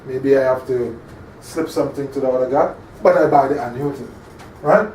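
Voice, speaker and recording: A man's voice: mid-range voice, normal speed, a little mellow. Man lecturing in an echoey room. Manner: interactive, quizzes the audience, keeps checking in. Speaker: instructor. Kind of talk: classroom lecture. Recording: echoey room, distant mic, faint hum.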